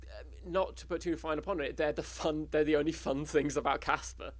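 A slightly high-voiced English man chats casually and comically. He rambles through a made-up film plot, restarting his sentences and breaking into giggles. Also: steady tone, brisk. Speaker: podcast co-host pitching a film plot. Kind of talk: casual comedic chat.

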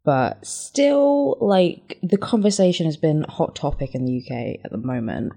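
Low-voiced English woman chatting. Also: expressive, moderate pace, creaky, dark tone. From England. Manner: chatty, swearing freely. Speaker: podcast co-host. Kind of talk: casual chat.

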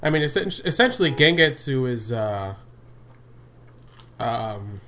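A man with hiccups, chatting casually and excitably as a podcast co-host, rambling and swearing now and then. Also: medium pitch, measured pace. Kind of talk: casual fan chat.

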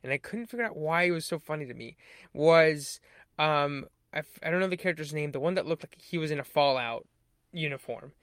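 A man's voice: fairly high pitch, expressive, fairly quick, fairly bright tone, no echo, clean studio sound. A man co-hosting a casual movie review podcast, rambling with hesitant fillers and restarts. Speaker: podcast co-host.

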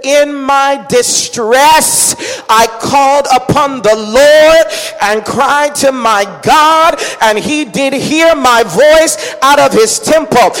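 A woman pastor delivers a sermon at a slow, deliberate pace, with rhythmic repetition and calls to her listeners. Her delivery swells into shouts. The voice rings with a long reverb, as if recorded in a large hall. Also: sits high, soft background music. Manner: rhythmic preaching that builds to shouts, calling out to the congregation.

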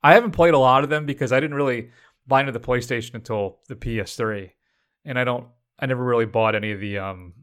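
A man co-hosting a film review podcast, talking in a casual, animated, joking way. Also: medium pitch, fast, clear, resonant tone. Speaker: podcast co-host.

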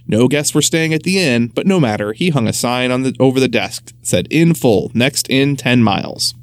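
A man reads a children's storybook aloud, his pitch rising and falling expressively through every sentence. The sound is close and dry, with no room around it. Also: dry recording.

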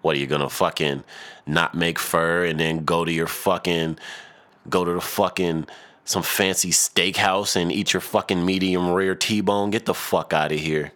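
A young man with a very low voice talks alone into his podcast mic. He rambles, curses freely and slips into loose rap impressions between rants. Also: steady tone, normal speed, fairly bright tone. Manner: profane, rambling, mimics rappers for laughs. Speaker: podcast host. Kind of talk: solo podcast rant.

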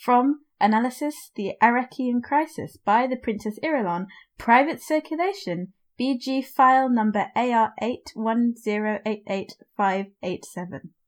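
A woman with a fairly high voice reads a passage aloud on a casual book podcast. Her talk between readings is dry and teasing. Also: normal speed, few pauses. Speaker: podcast co-host.

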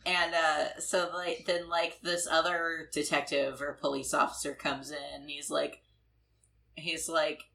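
Podcast co-host, woman, low bright voice, loose filler-heavy film chat. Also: little pitch movement, measured pace, vocal fry, slight background noise, low-quality recording. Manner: rambling, lots of "like" and "uh", laughs often. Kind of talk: casual film discussion.

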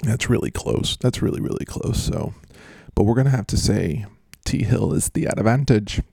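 Gravelly low-voiced man joking through a matchup breakdown. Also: normal speed, mellow, no echo. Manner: joking, rambling, self-mocking. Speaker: fantasy football host.

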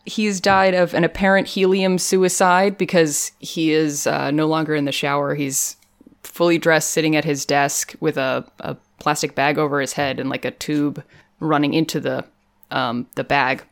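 A woman co-hosting a podcast, chatting casually about a TV episode, animated and laughing often. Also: low-pitched, moderate pace. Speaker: podcast co-host. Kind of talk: casual chat recapping a TV episode.

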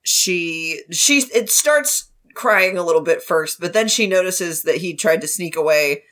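Woman, casual book chat, animated, swears a lot. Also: fairly low pitch, a little slow.

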